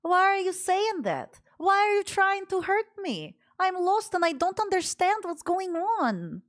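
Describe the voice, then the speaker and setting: A woman's voice: very high-pitched, very animated, a little slow, pitched above the performer's own voice, heavily acted. A woman jokingly mimicking a lost ghost woman, theatrical and over the top. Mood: mock wailing. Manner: exaggerated, theatrical, mocking. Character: mock lost ghost woman with heavy accent.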